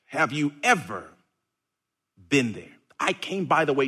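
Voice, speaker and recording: Male preacher, slow deliberate sermon, wildly swinging pitch, playful. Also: husky. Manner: animated, playful, with sudden shouted bursts.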